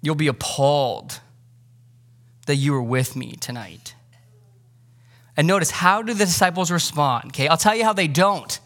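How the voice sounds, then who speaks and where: A male pastor delivers a sermon in a fairly high voice. He is animated and conversational, dropping joking asides and briefly acting out the disciples. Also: normal speed, pauses often.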